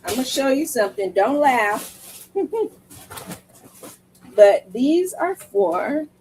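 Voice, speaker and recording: A woman with a fairly high voice hosts her own live sales stream. She tells chatty stories at an unhurried pace and talks straight to her viewers, repeating lines for emphasis. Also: animated, a little mellow, slight background noise, low-quality recording. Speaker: livestream seller. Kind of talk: casual live stream chat. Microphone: streaming mic.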